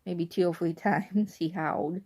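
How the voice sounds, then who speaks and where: A woman's voice: fairly low pitch, steady tone, measured pace, dark tone, husky. A young woman telling a rambling story casually at home in her bedroom at night, full of "like" and asides. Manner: rambling, chatty, lots of "like". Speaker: vlogger.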